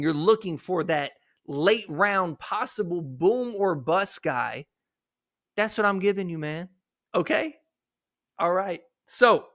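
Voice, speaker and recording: A fast-swinging, excitable man with a fairly high voice and a slight shake in it, as if he has been hiccuping all day. He talks right at the viewer, blunt and cursing freely. The sound is dry and close, with no room around it. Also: dry recording. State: shaky voice after hours of hiccups. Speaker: fantasy football content creator. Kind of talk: casual fantasy football talk to camera.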